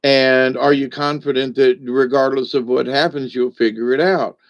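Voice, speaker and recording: A man's voice: medium pitch, fairly even intonation, moderate pace. A man telling a joke and then reflecting on faith in a folksy, rambling way with many fillers. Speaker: speaker on spiritual lessons.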